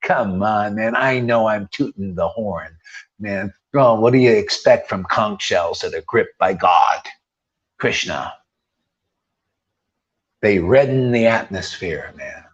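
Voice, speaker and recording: A man's voice: on the low side, lively intonation, takes it slowly. A man preaching informally as a spiritual teacher, firing combative rhetorical questions and tossing in slangy "man" asides. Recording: dull lo-fi recording.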